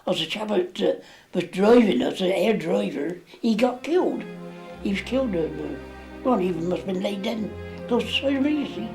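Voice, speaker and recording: A man's voice: high-pitched, expressive, fairly quick, vocal fry, a little mellow, soft background music. A man, recounting memories in an interview, rambling with plenty of fillers. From England. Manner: rambling, dialect grammar, many fillers. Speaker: war veteran interviewee.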